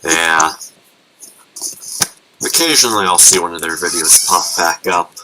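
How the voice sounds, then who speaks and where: A man's voice: low voice, unhurried, background noise. A man chatting with friends on a voice call, telling stories with dry jokes. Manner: dry, joking, storytelling. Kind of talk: casual chat on voice call. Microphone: computer mic on voice call.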